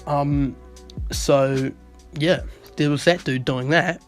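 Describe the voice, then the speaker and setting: A young man telling a rambling story in a casual vlog, swearing heavily and getting animated. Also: fairly high pitch, slow, faint music behind. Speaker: vlogger.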